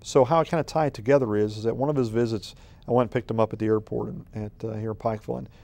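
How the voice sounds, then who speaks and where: A man's voice: fairly low pitch, fairly even intonation, very fast, vocal fry, a little mellow. A man speaking as a city manager in a conversational interview, telling stories in a rambling, folksy way full of ums and restarts. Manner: rambling, filler-heavy, folksy storytelling.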